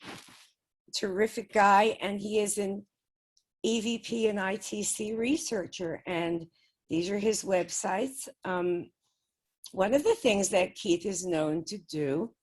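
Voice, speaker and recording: A woman guest recounting her experiences in an easygoing, conversational manner. Her voice sits at an ordinary middle pitch, and she chats along with light laughs dropped between her sentences. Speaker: guest describing spirit communication experiments. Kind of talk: casual storytelling.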